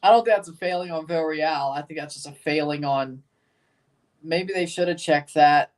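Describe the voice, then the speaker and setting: A man's voice: fairly high pitch, moderate pace, far from the mic. A man with a Southern accent streaming live match reactions, chatting with viewers and exclaiming at plays. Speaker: watchalong streamer.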